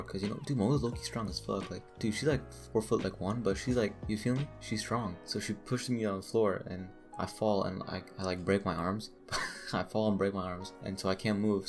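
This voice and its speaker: Low-voiced man rambling through a story. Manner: rambling, crude, joking, with frequent laughs. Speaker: storytime vlogger.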